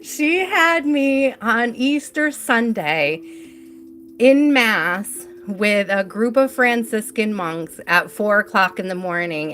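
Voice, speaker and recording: A woman's voice: medium pitch, a bit bright. A young adult woman hosting a live tarot stream, telling a personal story in a chatty way, laughing often and filling her talk with "like".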